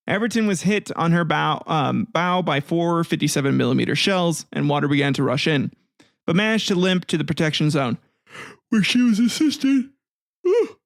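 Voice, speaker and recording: A man's voice: a little high, no echo, clean studio sound. A man hosting a comedic history podcast, telling events in a profane, irreverent way and often laughing. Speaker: podcast host.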